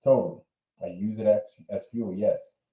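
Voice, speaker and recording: A man's voice: lowish voice, fairly even intonation, moderate pace, mellow. Man, stream host, casual, repetitive, echoey room, dull sound. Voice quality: rambling and repetitive. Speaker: livestream host. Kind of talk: casual chat reacting to clips.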